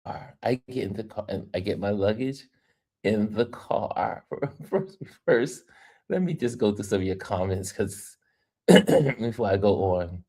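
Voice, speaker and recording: Deep, unhurried woman telling stories. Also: slightly rough. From New York. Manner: animated, laughs often while telling stories. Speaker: travel vlogger and livestream host. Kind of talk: casual livestream storytelling.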